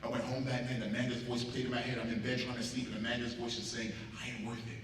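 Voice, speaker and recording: Animated man in an echoey hall. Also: fast. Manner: animated storyteller, acting out quotes with big swings in loudness. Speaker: motivational speaker at a school assembly. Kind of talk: storytelling speech to students. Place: large school hall. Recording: very echoey hall, voice from far off, faint rumble.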